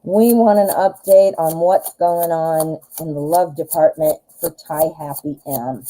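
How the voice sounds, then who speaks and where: Forties woman, Midwestern American accent, low and warm-toned, self-deprecating live tarot host. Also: fairly even intonation, unhurried, a little hiss or hum, low-quality recording. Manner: chatty, rambling, self-deprecating. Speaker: tarot reader. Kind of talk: live-stream tarot reading.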